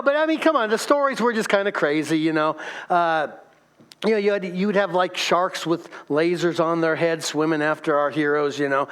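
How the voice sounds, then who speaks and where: A middle-aged pastor with a notably high voice gives a relaxed, chatty sermon. He jokes and calls out to the congregation as he talks. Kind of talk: casual sermon.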